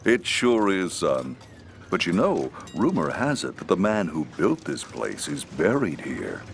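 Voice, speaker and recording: An actor playing a father at a carnival who tells his son a spooky local rumor in folksy, drawn-out game dialogue. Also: low-pitched, very animated, gravelly, a little hiss or hum, full character voice. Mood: spooky storytelling. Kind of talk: video game voice acting. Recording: game audio with music underneath. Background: game music.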